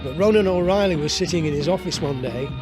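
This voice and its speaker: A man with a northern English accent, a former pirate radio DJ, chatting warmly about his radio days and laughing often. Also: on the high side, fast talker, music in the background. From northern England. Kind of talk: reminiscing interview.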